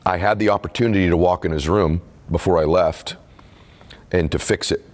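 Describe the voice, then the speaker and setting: A man's voice: low voice, steady tone, moderate pace. A middle-aged man in a candid interview, telling a personal story in an earnest, confessional way. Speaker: podcast host and author being interviewed.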